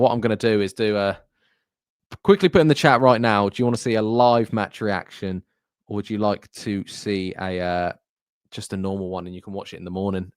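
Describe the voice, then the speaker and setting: A young man with a hoarse, fairly low voice reacts live to a football result, sounding deflated and halting as he repeats himself. He speaks close to a desk mic in a dry, dead room. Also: dry recording. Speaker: football fan streamer.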